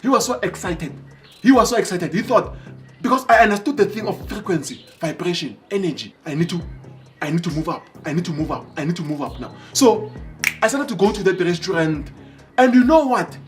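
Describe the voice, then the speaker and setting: High-voiced animated man. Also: a little fast, faint music behind. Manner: animated, bursts into excited exclamations. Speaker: motivational speaker. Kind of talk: motivational storytelling.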